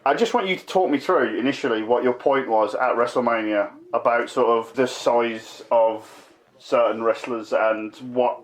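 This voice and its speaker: A man's voice: medium pitch, moderate pace, low-quality recording. Wry man hosting a podcast. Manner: wry, steering the conversation. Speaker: podcast host. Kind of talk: casual chat.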